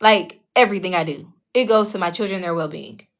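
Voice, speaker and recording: A woman's voice: fairly low pitch, a little fast, lo-fi sound. A woman telling a personal story in a casual, blunt monologue, heavily profane, often checking in with her listeners and acting out the people in her story. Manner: animated, acts out the other people in her story. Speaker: tarot channel host telling a personal story.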